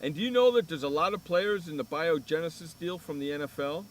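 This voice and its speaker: A man's voice: fairly high pitch, fairly quick, a little hiss or hum. A man hosting a sports radio show, telling a profane, ranting story in casual chat.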